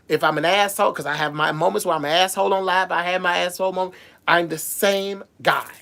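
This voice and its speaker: A woman with a lowish voice vents on a casual livestream, talking straight to her viewers. She is heated and emotional, and she keeps stumbling, repeating and restarting her words. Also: fairly even intonation, fast, gravelly, a bit bright. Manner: addresses viewers directly. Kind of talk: casual live-stream rant.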